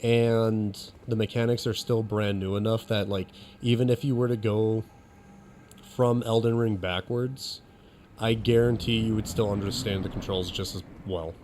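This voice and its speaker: A young man with a lowish voice rambles casually over his gameplay stream, answering chat as he plays. His voice is getting a little crackly, and a clear hiss of noise sits under the recording. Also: fairly even intonation, normal speed, a little mellow. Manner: rambling, chatty, answers chat while playing.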